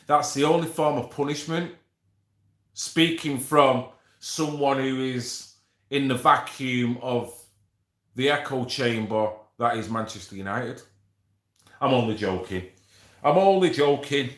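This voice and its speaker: A man's voice: mid-range voice, steady tone, unhurried, fairly bright tone, roomy sound. A man hosting a casual livestream, bantering with viewers, swearing and reading out names from the chat. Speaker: livestream host.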